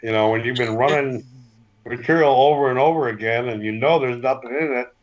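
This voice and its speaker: A man hosting a live call-in show, chatting in a relaxed, agreeing way. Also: medium pitch, fairly quick. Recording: muffled lo-fi audio.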